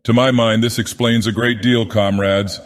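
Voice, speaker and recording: A man's voice: lowish voice, little pitch movement, normal speed, voice pushed up, natural voice. A man voicing a nervous, persuasive male pig propagandist in an audiobook, speaking with agitated insistence. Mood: urgent. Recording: long hall reverb.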